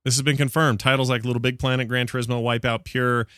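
A man hosting a casual gaming news podcast, talking quickly with sarcastic asides. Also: mid-range voice, level tone, a bit bright, smooth, dry recording, studio quality. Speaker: podcast host.

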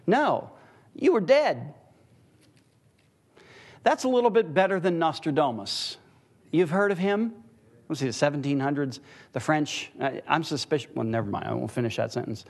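Casting note: bright, high-voiced male Bible teacher, playful and chuckling, calls on the room for answers. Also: expressive, normal speed, long pauses, husky. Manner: teasing, chuckling, quizzes the audience. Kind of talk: interactive church Bible class. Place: church.

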